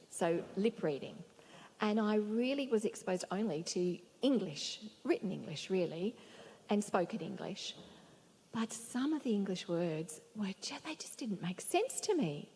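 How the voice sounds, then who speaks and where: A woman interpreting for the panelists, speaking in an expressive, lively way on a festival stage. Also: medium pitch, moderate pace. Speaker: sign language interpreter voicing panelists. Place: main stage at a museum, before an audience. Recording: long hall reverb with faint room noise.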